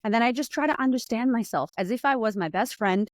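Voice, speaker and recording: A woman guest on a podcast, talking fast and acting out her own inner voice as she tells stories. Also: fairly high pitch, no room sound, studio quality. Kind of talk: animated conversational storytelling.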